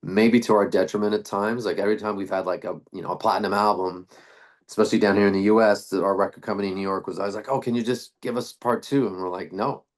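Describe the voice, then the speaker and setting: A man's voice: low-pitched, flat delivery, fast. A middle-aged man, a band frontman, talking casually in an interview, rambling with restarts and fillers. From Canada.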